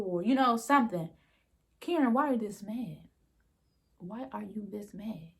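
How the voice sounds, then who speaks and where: Woman, TV recap host, opinionated, animated, acts out characters' lines, slightly high voice. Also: normal speed. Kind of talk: casual TV recap commentary.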